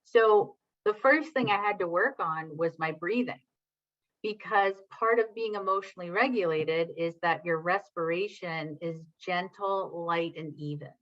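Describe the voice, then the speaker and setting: A woman's voice: lowish voice, unhurried, muffled recording. A woman presenting a parenting workshop online, chatting with her audience, reading their comments, and often checking in with "right?". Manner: addresses audience and reads chat comments. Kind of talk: live online workshop talk.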